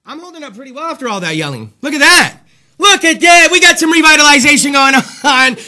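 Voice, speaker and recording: High bright-voiced guy hosting a crude comedy talk show, rambly, kinda winded. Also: a little fast, a little hiss or hum. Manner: loud, crude, rambling and excitable. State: out of breath. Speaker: podcast host.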